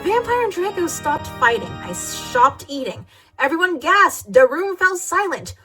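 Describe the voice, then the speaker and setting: A woman's voice: very high-pitched, very animated, measured pace, music in the background. A woman reading a fanfic aloud for comedy, playing it over the top and now and then laughing at the text. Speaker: reader.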